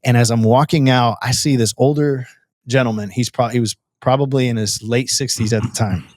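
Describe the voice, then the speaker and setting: A man's voice: mid-range voice, steady tone, brisk, darkish tone, no room sound, studio quality. A man as a podcast guest telling his personal testimony in an earnest, storytelling way, with frequent restarts and a casual "bro" to the host.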